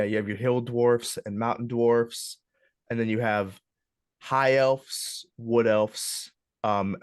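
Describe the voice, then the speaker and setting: Young guy, lowish voice, running a club class, lots of um and uh, dry close sound. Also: no echo. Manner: relaxed, hesitant, lots of ums and uhs. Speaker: club workshop instructor. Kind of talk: casual classroom walkthrough.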